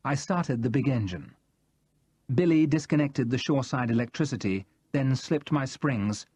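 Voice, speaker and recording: A man narrating a novel in the first person, in a measured and expressive manner. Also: medium pitch, slightly rough, no room sound. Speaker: audiobook narrator.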